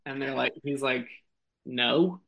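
High-voiced man rambling through a comic story. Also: expressive, normal speed, fairly bright tone. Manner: rambling, giggly, many fillers. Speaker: improv storyteller.

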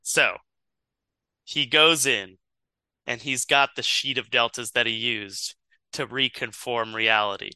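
A man's voice: medium pitch, fairly even intonation, slow, long pauses, sharp tone, clean tone, dry recording. A man co-hosting a podcast, telling an improvised comedy story in a playful, teasing way and laughing often.

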